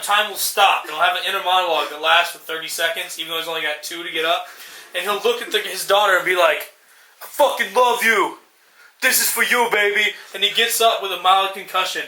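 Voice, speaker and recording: A man's voice: high-pitched, sharp tone. A man co-hosting a podcast, ranting in a rambling, profane way and acting out scenes in mocking voices. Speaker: podcast co-host. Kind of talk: casual ranting chat. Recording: roomy echo.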